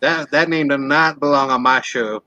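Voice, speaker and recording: A man's voice: mid-range voice, steady tone, moderate pace, sharp tone, highs cut off. A man on a casual livestream panel, playful and joking. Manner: playful, jokes in a mock radio voice. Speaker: panel guest.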